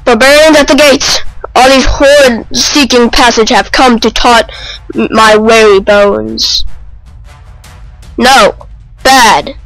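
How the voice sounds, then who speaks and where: A man's voice: very high-pitched, steady tone, slow pace, long pauses, dry recording, soft background music, heavily acted, rough recording. Young man doing a cranky old lord. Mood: grumpy. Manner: grumpy, shouts commands at passers-by. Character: cranky elderly male lord guarding his aisle.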